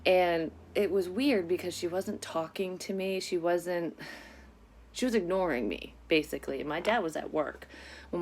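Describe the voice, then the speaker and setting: Woman, lower voice, candid storytelling vlogger, faint background hiss. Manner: candid, frequent swearing, animated retelling. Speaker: psychic vlogger telling a personal story. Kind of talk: casual storytelling.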